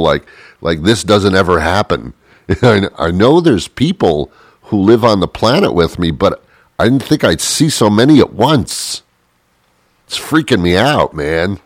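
A man hosting a rambling comic monologue, chuckling often, interrupting himself and slipping into animated impressions. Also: lowish voice, no room sound, studio quality.

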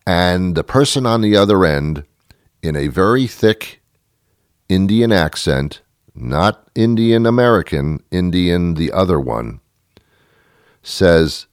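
A man telling a ranting comic story, mocking himself and swinging from loud outbursts to mutters. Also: sits low, takes it slowly, smooth, no room sound, studio quality. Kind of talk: comedic storytelling monologue.

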